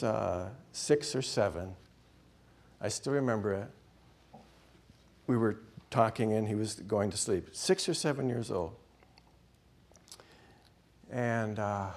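A middle-aged man preaching a sermon in an animated way, acting out voices. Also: fairly low pitch.

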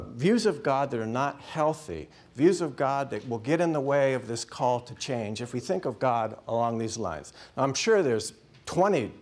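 A middle-aged male preacher giving a sermon. His husky voice rises and falls in a lively way, and he is animated enough to slip into acted voices. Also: medium pitch.

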